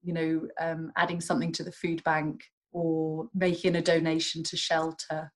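A woman, a doctor and coach, explaining calmly and gently as a guest in a podcast interview. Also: sits low, moderate pace, rough recording.

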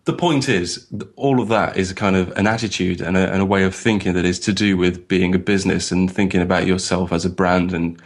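A man's voice: sits low, steady tone, a little fast, hardly any pauses. A man co-hosting a podcast in a casual, rambling, self-mocking way, with many fillers and restarts. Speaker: podcast co-host.

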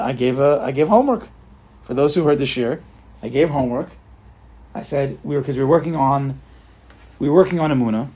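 A man teaches a Torah class in a relaxed, spoken style, his somewhat high voice gravelly and husky. He restarts often, asks rhetorical questions, and mixes Hebrew terms into his talk.

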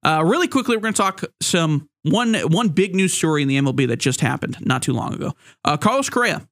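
A man's voice: on the high side, animated, brisk, a bit bright, no echo, studio quality. A man hosting a solo sports podcast, rambling and joking, with many fillers and restarts. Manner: joking, playful asides.

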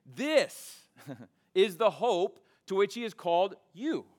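A man preaching a sermon in a church, mixing scripture with casual storytelling and animated retellings. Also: high-pitched, slow. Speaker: pastor. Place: church sanctuary.

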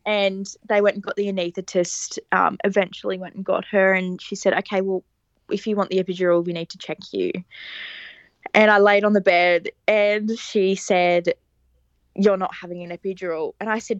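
Animated woman telling a story. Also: medium pitch, normal speed, vocal fry, no room sound, highs cut off. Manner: animated, laughs often, acts out quoted lines. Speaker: podcast guest telling her birth story. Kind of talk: casual storytelling interview.

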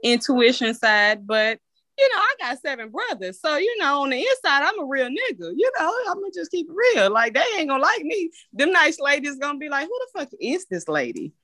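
Brash, laughing woman with bright voice. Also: sits high, sing-song, a little fast, no echo, clean studio sound. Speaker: podcast guest. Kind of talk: casual podcast chat.

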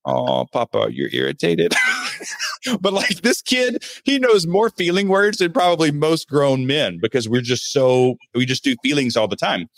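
A man's voice: a little high, moderate pace, hardly any pauses, no echo. A man speaking as a podcast guest in casual chat, candid and earnest, with self-deprecating humor.

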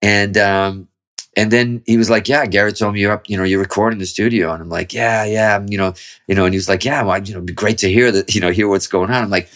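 A man with a deep, low voice talks quickly as a guest in a relaxed interview. He rambles through a story and swears freely. He often starts his sentences over. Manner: rambling, profane, with frequent restarts. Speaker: guest musician.

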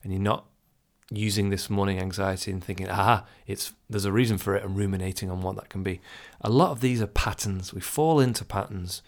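A man's voice: low-pitched, a little fast, darkish tone. A man talking casually and reflectively about overthinking, chuckling now and then and acting out his inner thoughts. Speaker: self-help speaker. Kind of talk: casual advice talk to the listener.

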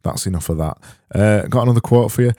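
A man hosting a solo comedy podcast, rambling deadpan and often stopping to correct himself. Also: on the low side, fast, over loud music. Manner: rambling, self-interrupting, deadpan. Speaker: podcast host.

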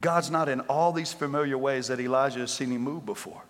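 A man preaching an animated sermon who laughs often and acts out the characters in the story. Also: medium pitch, brisk, big-room sound.

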